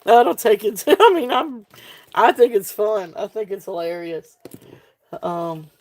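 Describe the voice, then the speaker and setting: A woman's voice: mid-range voice, very animated, measured pace, darkish tone. A woman with a Southern US accent hosting a live sale, chatting casually with many ums and frequent giggles. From Southern United States. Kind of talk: casual live-stream selling.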